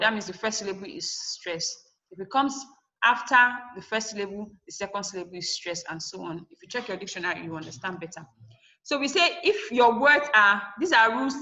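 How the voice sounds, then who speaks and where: A woman's voice: on the high side, sharp tone. Female teacher in an echoey room, lecturing an online class, repeats herself for emphasis. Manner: asks rhetorical "what?" questions and answers them. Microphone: video call.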